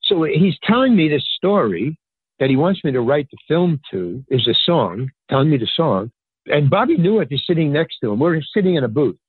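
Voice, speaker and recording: An older man telling a rambling story as a podcast guest, acting out the people in it with lively jumps in his voice. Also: a little fast, husky, no room sound. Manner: animated, acts out quoted dialogue with pitch jumps; rambling, filler-heavy, restarts sentences. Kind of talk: casual anecdotal storytelling. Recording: tinny phone-line sound, dry.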